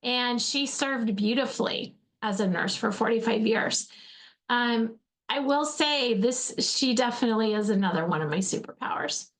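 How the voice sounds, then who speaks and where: This host and faith-based speaker, an Alaskan woman in her forties, talks at a normal speed in a slightly high voice. Her motivational message is earnest, full of repeated words and frequent references to her listeners as friends.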